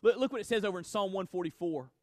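A man's voice: high-pitched, fast, no echo. A male pastor preaching a sermon to his congregation, building emphasis and speaking directly to the listeners.

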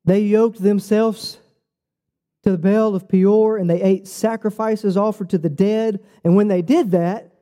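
A man preaching a sermon, telling stories with quoted dialogue in a casual, lively way. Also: high voice, unhurried. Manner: animated storytelling with quoted dialogue; casual, says "bro" and "like". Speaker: pastor.

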